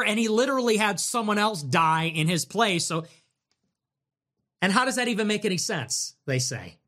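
A man's voice: sits high, expressive, moderate pace, sharp tone. A man hosting a livestream, ranting in a sarcastic, mocking way to his chat. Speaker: livestream host. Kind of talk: livestream commentary rant.

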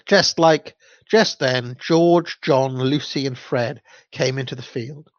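A man's voice: mid-range voice, slow pace, no echo. A man reading a children's story aloud in an unpolished way, with the odd stumble, amused by the text. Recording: dull lo-fi dry recording.

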